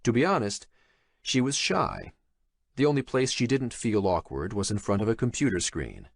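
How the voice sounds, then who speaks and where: A man narrates a thriller audiobook, his low voice moving expressively through the lines. He reads in a measured way. The recording is close and dry. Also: big pitch swings, creaky, no room sound. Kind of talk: scripted horror thriller narration.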